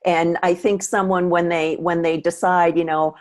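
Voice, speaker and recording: Reflective low-voiced woman host. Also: normal speed, hardly any pauses, darkish tone. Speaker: interview host. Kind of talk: casual interview chat.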